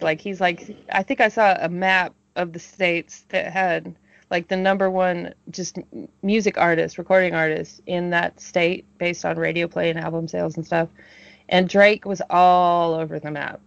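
A woman's voice: lowish voice, steady tone, moderate pace, gravelly, highs cut off. A woman hosting a podcast in casual chat, talkative and full of "like" fillers, laughing often. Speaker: podcast host.

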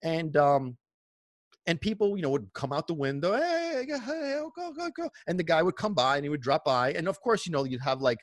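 Rambling, animated middle-aged man. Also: a little high, fairly quick, no echo, studio quality. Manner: rambling, many restarts and fillers, animated. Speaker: vlogger. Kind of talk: casual nostalgic storytelling.

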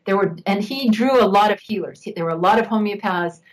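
A woman's voice: medium pitch, fast talker, low-quality recording. An older woman, a guest on an interview show, reminiscing at length with an occasional laugh. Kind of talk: interview storytelling.

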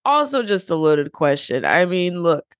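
A woman's voice: fairly low pitch, sing-song, moderate pace, dry recording. A woman co-hosting a casual sports podcast, wry and sarcastic. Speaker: podcast co-host.

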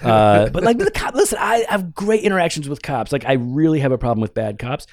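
A middle-aged man and pastor telling a story in casual chat, animated and rising to exasperated outbursts. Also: a little high, fairly quick, no room sound. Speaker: pastor and podcast co-host.

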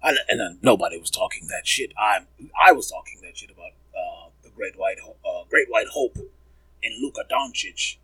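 Lowish husky man, bright edge, rambling crude sports podcast chat. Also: expressive, normal speed, dry recording, low-quality recording. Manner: rambling, profane riffing.

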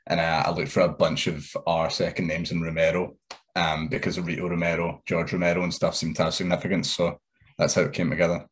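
A man's voice: sits low, level tone, fast. A man in his thirties, a wrestler guest, easygoing and rambling. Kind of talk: casual interview chat.

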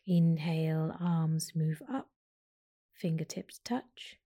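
A woman yoga teacher guides a breathing meditation in a soft, gentle voice. She gives calm, unhurried instructions, pausing between the steps. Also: low-pitched. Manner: slow, gentle guiding instructions.

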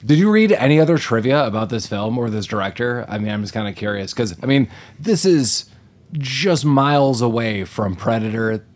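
A man with a mid-range voice co-hosts a relaxed movie podcast. He riffs, jokes and spins the plot into bits. He poses questions to his co-host in an easy, chatty way. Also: mid-range voice, normal speed. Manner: joking, riffing, laughs often. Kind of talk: casual movie review chat.

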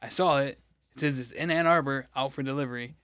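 A man's voice: medium pitch, fast talker, a bit bright, clean tone, dry recording, studio quality. A man from Michigan, co-hosting a podcast, rambling through an exasperated, profane story in casual chat. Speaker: podcast co-host.

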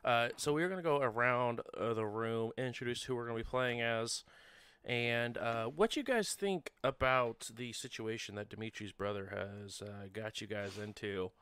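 A man's voice: medium pitch, normal speed, fairly bright tone, smooth, no echo. A man hosting a tabletop game session in a wry, chatty way, with many ums and uhs. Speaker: game master.

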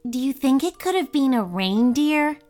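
A woman voicing an excited, curious little girl in a storybook reading, eager and insistent. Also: high voice, moderate pace, faint music behind, pitched above the performer's own voice.

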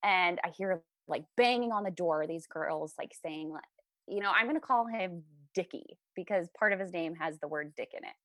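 A woman's voice: on the low side, moderate pace, fairly bright tone, no echo, clean studio sound. A young woman in her twenties, a podcast guest, telling a story in casual chat, laughing often and acting out the lines she quotes.

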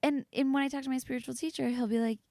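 Woman guest, casual podcast chat, gravelly edge, dry close sound. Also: rapid-fire, no room sound. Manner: animated, chatty, swoops up in pitch.

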